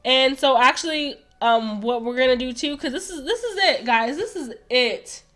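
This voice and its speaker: Excitable woman reading a romance game. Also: sits high, moderate pace. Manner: gushing, excitable. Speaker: let's play host. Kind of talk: reading a visual novel aloud with commentary.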